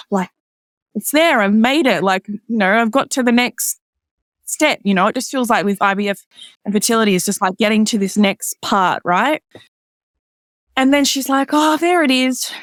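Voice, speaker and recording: A woman's voice: moderate pace, a bit bright, no room sound, clean studio sound. A woman guest in casual conversation, telling a personal story with many "like" fillers and quoting others in a lifted voice. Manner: acts out others' lines in a higher voice. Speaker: podcast guest.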